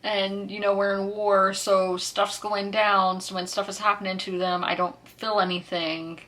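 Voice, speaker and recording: Chatty woman book vlogger, bright tone, rambling and casual. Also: medium pitch, flat delivery, unhurried. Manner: chatty, rambling, self-correcting. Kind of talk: casual chat.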